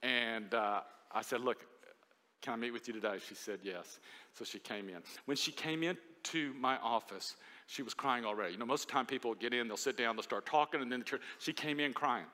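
Bright-voiced male pastor preaching in a hall. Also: medium pitch, a little fast. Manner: animated storytelling, swinging between loud and hushed. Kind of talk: sermon. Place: church sanctuary. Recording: long reverb of a large hall.

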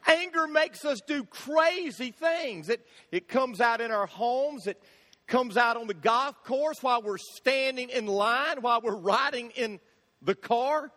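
High-voiced, bright-sounding male preacher. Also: unhurried. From Florida, USA. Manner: animated storytelling, acting out shouted quotes. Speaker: pastor. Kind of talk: sermon with humorous stories. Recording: long hall reverb.

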